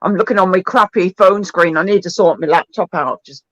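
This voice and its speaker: A man's voice: high-pitched, brisk, no echo, poor audio. A man chatting casually on a live stream, giving short, offhand replies.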